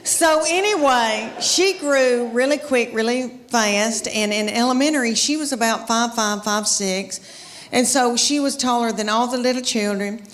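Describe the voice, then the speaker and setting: A woman's voice: on the high side, a little slow. A middle-aged woman, telling chatty, folksy stories in a stand-up comedy routine. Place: comedy stage before a live audience.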